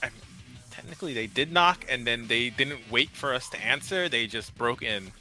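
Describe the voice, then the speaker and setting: An animated man playing a tabletop role-playing game, his voice very bright and tense, his pitch leaping up and down. He jokes and stammers as he restarts his sentences, with faint guitar music behind. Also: normal speed. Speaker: player.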